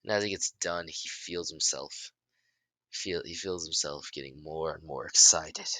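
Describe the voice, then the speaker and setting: A man improvising a fan story in halting narration, often restarting his sentences and shouting out the characters' lines. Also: very deep voice, no echo. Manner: halting, many restarts and self-corrections; bursts into loud shouts for dialogue.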